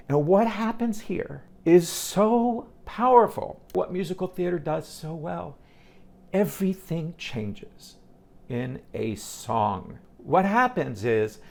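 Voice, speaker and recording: A man's voice: a little high, creaky, darkish tone. A man reviewing a theater show to camera, retelling scenes in an impassioned, emphatic way. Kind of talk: casual spoken review to camera.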